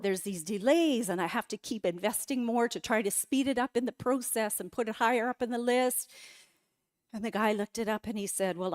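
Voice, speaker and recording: A middle-aged woman giving a personal testimony talk in a church, telling her story dramatically and with feeling. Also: fairly high pitch. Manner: emotional, dramatic storytelling with quoted outbursts. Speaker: guest speaker. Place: church sanctuary.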